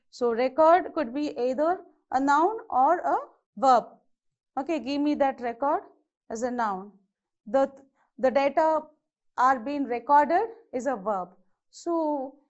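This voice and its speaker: A woman's voice: high-pitched, highs cut off. A woman teaching an exam-prep grammar lesson, explaining patiently step by step with many "okay"s and "so"s. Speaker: English teacher.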